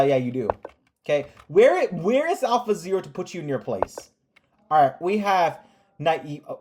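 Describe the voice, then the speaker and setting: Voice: medium pitch, slight background noise. Sarcastic chess recap commentator. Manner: sarcastic, scolding the players with rhetorical questions; calls out moves in rapid lists.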